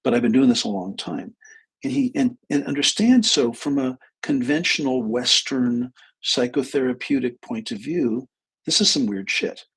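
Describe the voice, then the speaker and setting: Gravelly husky male storyteller. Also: medium pitch, moderate pace. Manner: animated storytelling, quoting both sides of a conversation; blunt, swears casually. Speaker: therapist and energy healer. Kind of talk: casual live-stream storytelling.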